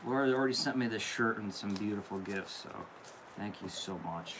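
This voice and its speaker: A man's voice: on the low side, a little fast, noisy background. Effusive man chatting through viewer mail. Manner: effusive, gushing with thanks. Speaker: candle channel host. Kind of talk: casual live-stream chat opening viewer mail.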